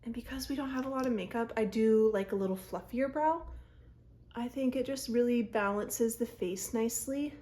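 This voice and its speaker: A beauty vlogger with a slightly high voice and a dark tone talks at a moderate pace. At home by her mirror, she chats through a makeup tutorial in a rambling, self-interrupting way, captured on a phone camera.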